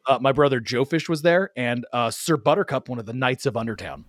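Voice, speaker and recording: A man's voice: mid-range voice, a little fast, no room sound, clean studio sound. Man telling a rowdy story. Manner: animated, laughs often. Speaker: guest storyteller. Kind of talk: casual storytelling.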